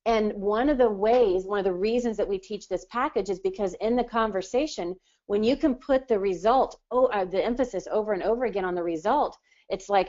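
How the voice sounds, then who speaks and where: A woman business coach giving energetic, persuasive advice in a live hot seat coaching session. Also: mid-range voice, brisk, hardly any pauses, highs cut off. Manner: energetic, persuasive, acts out client voices.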